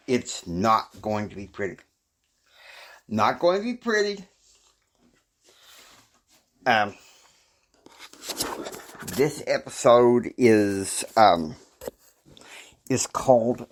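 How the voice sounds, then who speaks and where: A man's voice: medium pitch, low-quality recording. A man casually narrating a homemade family story, rambling with many fillers and laughs.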